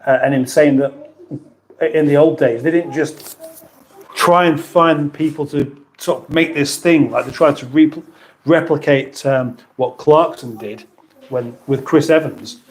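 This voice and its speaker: A middle-aged British man with a fairly high, slightly mellow voice hosts a casual livestream. He rambles in a self-mocking way and reads out comments from viewers.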